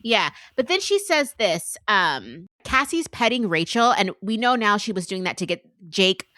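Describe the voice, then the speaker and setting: A tipsy woman co-hosting a book podcast, rambling through a plot recap with animated asides. Her voice is bright and forward. The sound is close and dry. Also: mid-range voice, moderate pace, no room sound. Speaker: book club podcast co-host. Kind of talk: casual chat.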